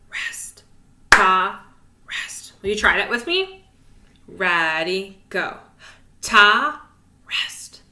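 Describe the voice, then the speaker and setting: A woman music teacher gives a cheerful, encouraging video lesson for young children, using a sing-song delivery and whispering the rests. Her voice is mid-range, and the recording has an echoey room with background noise.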